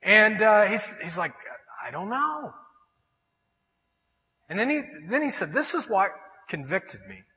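A pastor delivers his sermon in a church sanctuary, his high voice swinging widely as he tells stories and acts out the voices of the people in them. The sound carries a long hall reverb. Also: moderate pace. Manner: animated storytelling, acting out quoted voices.

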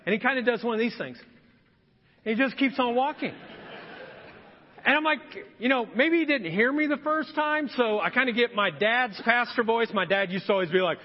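A man's voice: very high-pitched, animated, moderate pace. A male pastor delivering a humorous storytelling sermon, acting out scenes in quoted voices. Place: church sanctuary. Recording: dull lo-fi sound with long hall reverb.

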